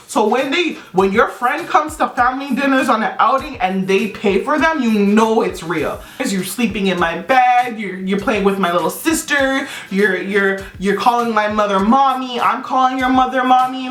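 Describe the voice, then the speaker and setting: A young woman vlogger telling a personal story to camera, casually, in an animated and blunt way with casual profanity. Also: fairly high pitch, recorded from a distance. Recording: roomy echo with faint music.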